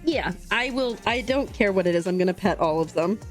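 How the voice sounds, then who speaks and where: A young woman in a casual livestream chat, bubbly and rambling as she answers her viewers between stitches. Her pitch sits in an ordinary middle range, and she talks into a desk mic at home with soft music faintly playing behind her. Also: expressive, fairly quick. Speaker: livestream host. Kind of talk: casual chat with live chat while crafting. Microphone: desk streaming mic.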